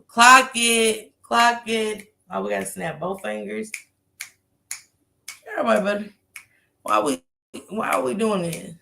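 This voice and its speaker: A woman on a call, casually telling a story in animated fashion, laughing and swearing. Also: medium pitch, measured pace, creaky, long pauses.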